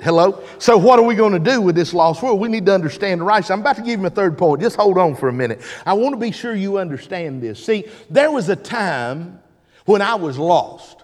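A man preaching a sermon, moving from quiet teaching to shouted, drawn-out preaching. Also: sits high. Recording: long hall reverb.

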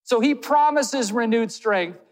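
A man's voice: very high voice, lively intonation, a little slow. A man preaching a sermon as pastor. He speaks earnestly and puts direct questions to his listeners. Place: church hall. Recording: long hall reverb.

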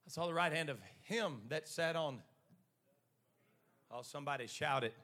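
A man's voice: a little high, normal speed, bright, forceful tone. A man preaching a sermon who retells scripture dramatically and calls on the congregation to answer back.

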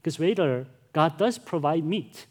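A man's voice: on the high side, animated, a little slow. A male pastor preaching a sermon, earnest and emphatic, often addressing the congregation directly.

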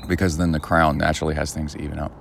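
A man hosting his own podcast in casual solo chat outdoors by a pool, rambling and halting with lots of fillers. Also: extremely low pitch, flat delivery, creaky, a little hiss or hum. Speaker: podcast host.

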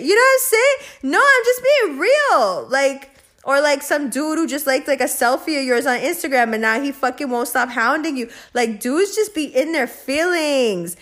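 Profane, animated woman ranting casually. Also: sits high. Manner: blunt, profane, animated with frequent laughs and filler "like". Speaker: host.

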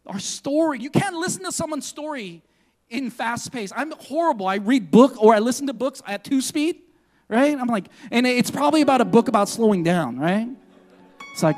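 A man preaching a sermon as pastor, emphatic and animated, moving between loud urgent lines and quiet, slow ones. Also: very high voice, faint music behind.

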